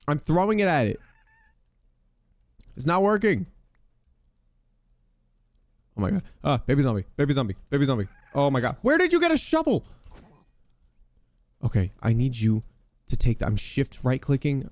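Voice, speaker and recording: A young man hosting a podcast, giving loud, excitable gaming commentary with casual swearing. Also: mid-range voice, brisk, dry recording. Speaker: podcast host.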